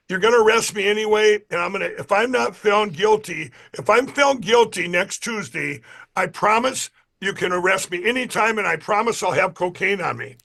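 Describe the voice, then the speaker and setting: Guest, male: high, bright, emphatic storyteller who repeats himself. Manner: emphatic, repeats himself, acts out other people's lines. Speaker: interview guest. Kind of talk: animated storytelling.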